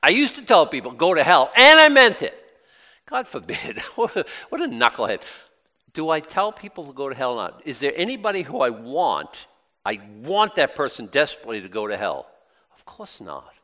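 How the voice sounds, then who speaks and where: A man's voice: medium pitch, wildly swooping pitch, fairly quick, a bit bright, big-room sound. A middle-aged man preaching a sermon in a conversational way, with plenty of rhetorical questions and repeated phrases.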